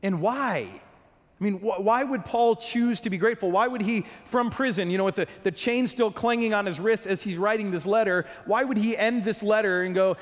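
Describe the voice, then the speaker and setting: A high-voiced pastor delivers an earnest sermon to his congregation, his words echoing long through a church hall. He keeps tripping into quick restarts and repeated words, then pushes on.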